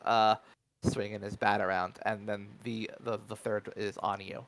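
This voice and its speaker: Rambling male game master, gravelly. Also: lowish voice, level tone, a little slow, fairly bright tone, poor audio. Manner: rambling, filler-heavy narration. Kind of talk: narrating a tabletop game.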